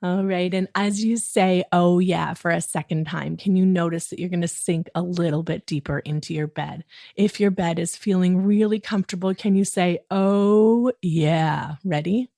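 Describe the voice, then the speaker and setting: A woman hosting a children's bedtime podcast, gently coaxing a child listener through a relaxing wind-down routine. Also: lowish voice, steady tone, moderate pace, creaky, no room sound, clean studio sound.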